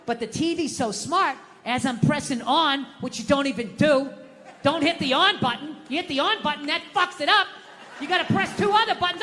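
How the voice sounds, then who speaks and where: A male stand-up comic with a bright, forceful voice, cursing his way through a rant that keeps climbing toward shouting. He is heard through a stage mic, with the long reverb of a big outdoor venue and a faint wash of ambience behind him. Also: very high voice, a little fast, some chatter behind, a little hiss or hum. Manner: profane, ranting, rising into mock-furious shouts. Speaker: stand-up comedian. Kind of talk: stand-up comedy set. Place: large outdoor stage in the wind.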